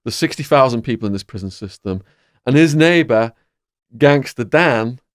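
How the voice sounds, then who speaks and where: A man with an English accent, a podcast host telling his own stories in a vivid, animated way. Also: medium pitch, moderate pace, no echo, studio quality. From England. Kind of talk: storytelling in a conversation.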